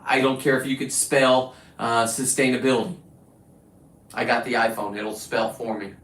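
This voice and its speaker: A man's voice: mid-range voice, little pitch movement, moderate pace, a bit bright, slight background noise. A man hosting his own show, delivering a combative, boastful, profane rant. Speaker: show host. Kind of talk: profane ranting monologue. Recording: roomy, distant from the mic.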